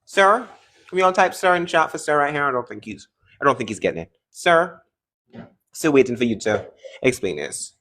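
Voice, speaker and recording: Fast-talking mocking male debate host. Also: medium pitch, animated, a bit bright. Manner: mocking, interrupting, taunting callers. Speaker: host of a live debate stream. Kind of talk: combative live-stream debate.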